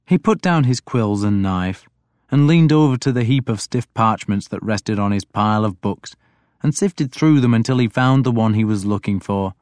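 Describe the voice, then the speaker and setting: A man reading a first-person story as audiobook narrator, in a reflective, even manner. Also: lowish voice, moderate pace, dry recording.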